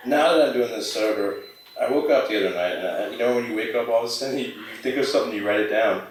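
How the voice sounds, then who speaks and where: A man's voice: fairly low pitch, fast, a little hiss or hum. A man doing a rambling, self-deprecating open-mic stand-up set, slipping into quoted voices. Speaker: stand-up comic. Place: small bar stage. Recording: roomy bar audio from a distant mic.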